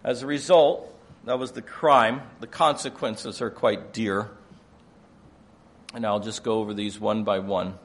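An older man preaching a sermon, moving between quiet explanation and loud, emphatic passages. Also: lowish voice, steady tone, measured pace.

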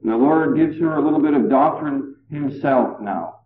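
A man preaching a sermon, explaining a Bible passage in a measured way with emphatic rises. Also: on the high side, a little hiss or hum. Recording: echoey tinny lo-fi recording.

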